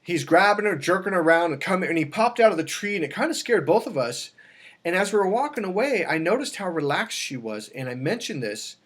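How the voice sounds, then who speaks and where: This dating coach has a high-pitched voice and talks a little fast. Chatting casually to camera, he spins an animated tale with many false starts and self-corrections, acting out each quoted line.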